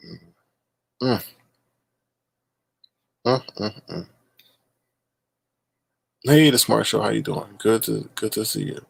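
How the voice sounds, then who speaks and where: A man hosts a livestream, his sassy, slangy commentary turning into a scolding rant. His voice is husky and a little rough. It sounds dry and close to the mic. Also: medium pitch, sing-song, takes it slowly, pauses often, no echo. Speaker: livestream host. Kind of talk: ranting live commentary.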